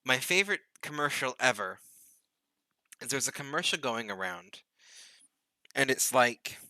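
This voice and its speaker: A man's voice: mid-range voice, very animated, a little slow, bright, forceful tone, dry recording, poor audio. A man hosting a live gaming stream, telling rambling, chatty stories while he plays. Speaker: streamer host. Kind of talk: casual gaming chat.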